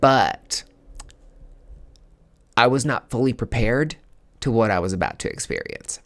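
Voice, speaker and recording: A man hosting his own show, telling a personal story in a casual, animated way, with swearing and dramatic asides. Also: medium pitch, a little slow, creaky. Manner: animated, profane, dramatic retelling. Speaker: podcast host.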